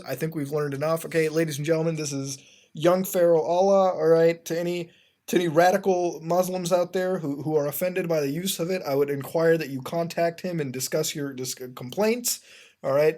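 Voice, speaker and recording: A fairly high-voiced man hosting a loose, off-the-cuff commentary as he browses odd web pages. He rambles with plenty of fillers and restarts, often sounding exasperated, and keeps calling out to his ladies and gentlemen. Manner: addresses the audience as ladies and gentlemen. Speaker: host.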